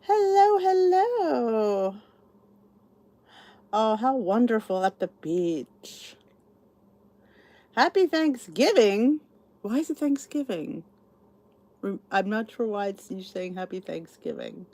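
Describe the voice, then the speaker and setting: A woman's voice: mid-range voice, sing-song, slow pace, pauses often, a little mellow, dry recording. A middle-aged woman hosting a casual livestream chat, greeting viewers and reading their comments aloud. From New Jersey, US. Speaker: channel host.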